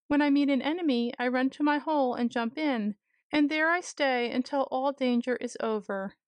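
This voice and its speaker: A woman voicing a shy, gentle male rabbit who talks in a soft, earnest way in a storybook reading. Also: sits high, normal speed, no room sound, lightly acted.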